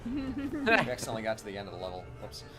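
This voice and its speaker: A chatty man commentates his gameplay in a loose, casual way and laughs a lot as he talks. His voice sits at an ordinary middle pitch. Game music plays clearly behind him. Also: wildly swooping pitch, quick pace. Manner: chatty, explains history while playing, laughs often. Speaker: streamer playing a video game.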